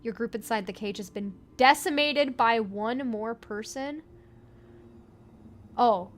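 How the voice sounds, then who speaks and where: A woman's voice: fairly high pitch, slow. A woman reading an interactive story aloud, adding playful joking comments and laughing often. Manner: playful, laughs often, jokes between read passages.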